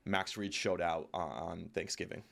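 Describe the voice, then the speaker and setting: Deep-voiced male sports co-host. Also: moderate pace, gravelly. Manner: relaxed, easygoing with filler words. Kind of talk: casual sports chat.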